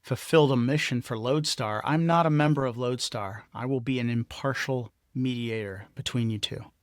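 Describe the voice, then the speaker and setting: An earnest male diplomat, as a man voices him pleads for peace in a sincere, urgent way. The voice sits at a middle pitch, and the recording is dry and close. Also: normal speed, dry recording, close to an everyday voice.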